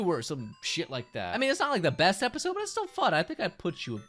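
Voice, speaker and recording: A young man with a fairly high, bright voice talks in a wildly animated way, his pitch swinging all over the place. He ranks things in a loose, sarcastic style, swearing freely and laughing often. Faint music plays underneath. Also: fast, hardly any pauses. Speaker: commentary video host. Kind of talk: casual ranking commentary.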